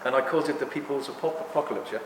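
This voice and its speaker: A man in his sixties talking to a live audience in a rambling, animated way, often apologizing for ranting. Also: mid-range voice, very fast, noisy background. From England. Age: 60s. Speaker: speaker at a talk. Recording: echoey hall with long reverb.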